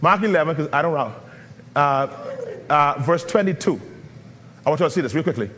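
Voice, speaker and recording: A man's voice: a little high, lively intonation, a little fast, fairly bright tone, in a large hall, slight background noise. A man preaching a sermon as pastor, calling on the congregation and breaking into a chanting, sung delivery. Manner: preaching with call-and-response, swinging into a sung chant.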